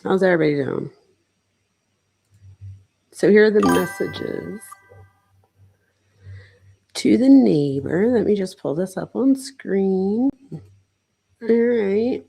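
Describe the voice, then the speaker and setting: This psychologist hosts a laid-back true-crime livestream, taking it slowly with long pauses. Her medium-pitched voice is gravelly, husky, and dark-toned yet lively in intonation, and she talks loosely, dropping "like" often and interrupting herself.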